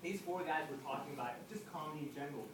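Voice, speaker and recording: A man leading a comedy workshop, joking, lively and acting out examples for a live audience. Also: a little high, racing. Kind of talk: animated workshop talk. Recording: roomy, distant mic, noisy room.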